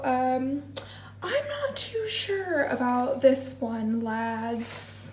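A woman's voice: fairly high pitch, darkish tone, rough recording. A woman in her twenties talking casually to her phone camera in a self-deprecating, chatty vlog. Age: 20s. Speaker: vlogger.

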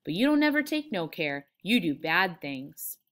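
A woman's voice: lowish voice, sing-song, normal speed, a bit bright. A woman reading aloud the part of a stern little old aunt who scolds sharply and disapprovingly. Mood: scolding.

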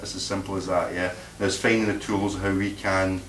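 A man's voice: low-pitched, little pitch movement, fairly quick, a bit bright. A man speaks bluntly to a room of listeners and often repeats words mid-sentence. He is picked up from a distance, so his voice sounds roomy and echoey. A faint hiss sits under the recording. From Scotland. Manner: blunt, combative, repeats words while searching. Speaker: meeting speaker. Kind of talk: informal talk to a live audience. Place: meeting room.

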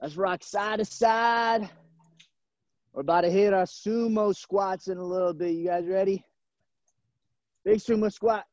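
With a high, slightly mellow voice and fairly even intonation, this man goes unhurriedly, leaving long pauses, and the sound is lo-fi. He's coaching a live online gymnastics class in a gym via a video-call camera mic, encouraging the children by their nicknames.

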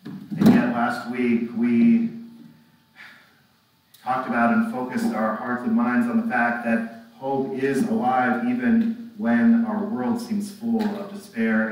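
A man's voice: mid-range voice, little pitch movement, slow pace, a little hiss or hum. A man preaching a reflective sermon as pastor, often ending thoughts with tag questions. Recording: echoey room, mic far off.

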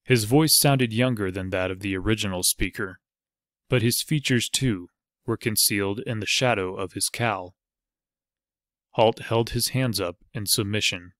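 A man narrates an audiobook in a steady, measured way. His voice sits low and unhurried. The sound is dry and close, with no room around it. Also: no echo. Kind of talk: scripted narration.

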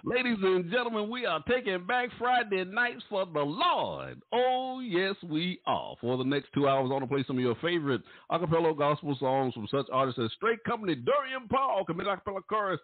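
Lively man hosting gospel radio, tinny. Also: fairly quick, hardly any pauses, no echo, soft background music. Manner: showy, playful announcer with sudden pitch jumps. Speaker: radio host. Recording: tinny, phone-like, dry sound.

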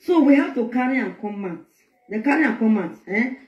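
A woman's voice: fairly high pitch, animated, fairly quick, reverberant, lo-fi sound. A woman with a Nigerian Pidgin accent telling a personal family story in an emotional, rambling way, heard in a replayed video clip. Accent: Nigerian Pidgin English.

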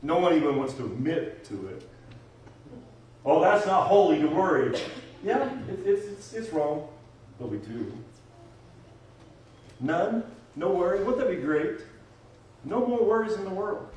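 A man's voice: high voice, sing-song, measured pace, pauses often, a little mellow, distant mic. A man preaching a sermon and leading a closing prayer as pastor, emphatic, repeating phrases and building to fervent exhortation. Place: church sanctuary. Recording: very echoey church hall, voice from afar.

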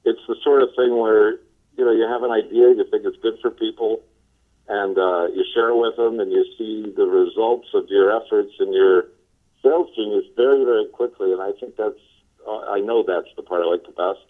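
A man from the Los Angeles area, a sales trainer being interviewed, telling his story in a relaxed way with many fillers. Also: on the low side, normal speed. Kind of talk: casual phone interview. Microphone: telephone. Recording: tinny phone line.

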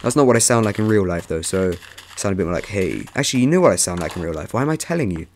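A man's voice: fairly low pitch, animated, racing, darkish tone, a little hiss or hum. Rambling young man narrating gameplay. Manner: rambling, chatty, prone to sudden yelps. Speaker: let's play host. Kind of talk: casual gameplay commentary.

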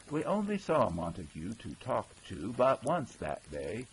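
A man with a low, husky voice tells an old-fashioned yarn in a folksy, easygoing way. His pitch rises and falls a great deal, and he slips into character voices as he goes. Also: wildly swooping pitch, normal speed, rough recording. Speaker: audiobook narrator. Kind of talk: scripted storytelling narration.

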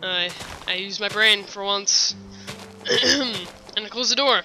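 A gamer recording a let's play at home, complaining and often clearing a thick-sounding throat. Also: mid-range voice, takes it slowly, bright, forceful tone, faint music behind, rough recording. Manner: easily frustrated, complaining aloud. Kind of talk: casual game commentary.

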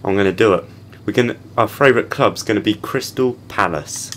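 A man's voice: on the low side, fairly quick, fairly bright tone, slight background noise. A young man giving casual gameplay commentary and heckling the game characters. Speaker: gaming channel host.

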